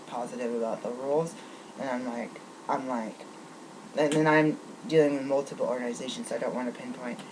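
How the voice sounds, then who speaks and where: Agitated woman ranting over air-con hum. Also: very deep voice. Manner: rambling, agitated ranting with many restarts. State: riled up, angry. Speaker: vlogger. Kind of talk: venting vlog monologue.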